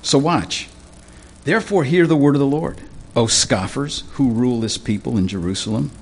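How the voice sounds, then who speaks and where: A man preaching a sermon, reading scripture verse by verse and explaining it in a casual, conversational way, clearing his throat now and then. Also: medium pitch, normal speed. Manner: teaching through scripture verse by verse, conversational asides.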